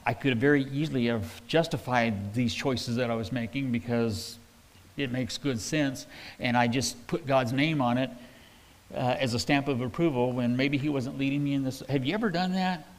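A man's voice: medium pitch, moderate pace, in a large hall. A man preaching a verse-by-verse sermon in a conversational, folksy way, retelling scripture in everyday words. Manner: conversational, folksy, with restarts and paraphrased quotes. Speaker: pastor.

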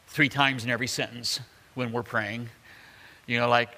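A man preaching a sermon, his voice bright and forward. He talks in a loose, conversational way, full of "uh"s, restarts and joking asides, and his voice rings out with a long hall reverb behind it. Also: mid-range voice, lively intonation, fairly quick, gravelly. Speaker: pastor.

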